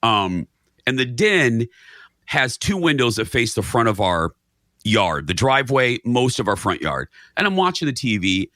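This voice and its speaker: Animated, bright-voiced male storyteller. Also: mid-range voice, moderate pace, no echo, clean studio sound. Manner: animated storyteller, acts out his own reactions. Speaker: guest, radio and TV host. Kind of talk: casual chat, storytelling.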